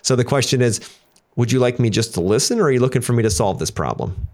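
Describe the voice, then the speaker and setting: A man's voice: mid-range voice, expressive, fast, a little mellow. A middle-aged man who runs a business, co-hosting a casual podcast and telling candid stories with acted-out quotes. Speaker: business owner and podcast co-host.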